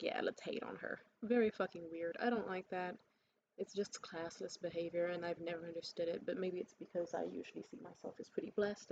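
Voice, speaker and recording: Blunt, profane woman ranting to camera. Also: fairly low pitch. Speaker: vlogger. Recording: slightly muffled with faint hiss.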